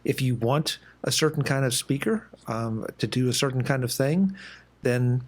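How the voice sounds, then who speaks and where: A man's voice: medium pitch, moderate pace. Chatty male podcast host telling stories. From East Coast of the United States. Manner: relaxed, chatty storyteller. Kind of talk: casual interview chat.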